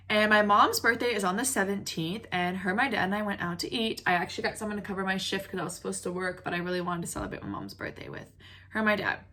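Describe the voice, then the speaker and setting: A young woman vents through a storytime rant to her viewers. She talks in an animated, heated way, packing in "like" and acting out quotes. Her voice is bright and forward. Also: medium pitch. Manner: animated, heated retelling with lots of "like" and quoted dialogue. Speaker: vlogger.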